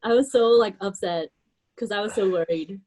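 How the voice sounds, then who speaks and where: A woman's voice: mid-range voice, normal speed, mellow, poor audio. A young adult woman, a youth pastor, telling a story in a casual round-table chat, full of fillers and laughs. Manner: chatty, lots of fillers, laughs while telling.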